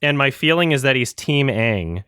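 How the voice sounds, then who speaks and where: A man co-hosting a film podcast, talking loosely and laughing between thoughts. His voice sits at an ordinary middle pitch, recorded close and dry with no room sound. He circles back and restarts his sentences as he goes. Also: lively intonation, moderate pace, sharp tone, clean tone, dry recording. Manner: rambling storytelling with frequent laughter and restarts. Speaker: podcast co-host. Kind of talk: casual chat.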